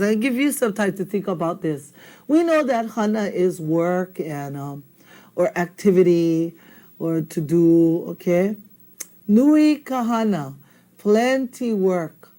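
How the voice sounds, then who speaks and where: A woman teaching a language lesson, lively and often checking in with learners through questions. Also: mid-range voice. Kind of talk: language lesson with story dialogue.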